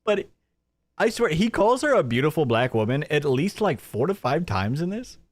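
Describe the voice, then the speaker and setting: Lively mocking male stream host. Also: fairly high pitch, normal speed, dry recording. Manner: mocking, laughing often, chatty. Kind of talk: live commentary on a played clip.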